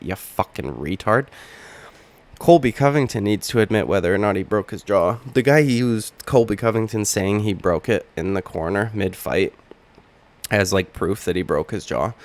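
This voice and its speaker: Hoarse young dude with a deep voice, rambling and cussing through a reaction vlog. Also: male voice. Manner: rambling, profane, wisecracking. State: hoarse from just waking up. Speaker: channel host.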